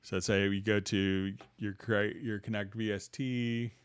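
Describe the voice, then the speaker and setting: A man hosting a livestream, walking viewers through music software and answering their questions in a loose, halting way with many restarts. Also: on the low side, little pitch movement, clear, resonant tone. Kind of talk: casual screen-share tutorial, answering viewer questions.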